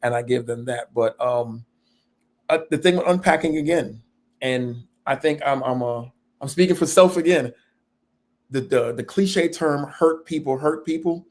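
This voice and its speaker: A man in middle age talks openly on a panel discussion at an ordinary, middle pitch. He speaks earnestly and pokes fun at himself, with a laugh slipping into his stories now and then. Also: a little slow, a little mellow. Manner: earnest and self-deprecating, laughs while telling stories. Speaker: panel guest.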